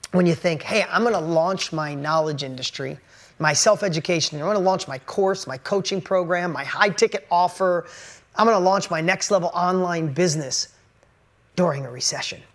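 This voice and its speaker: A man's voice: high voice, normal speed, a bit bright. A man giving an earnest, conversational motivational talk straight to camera, pressing his points with emphasis. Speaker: motivational speaker.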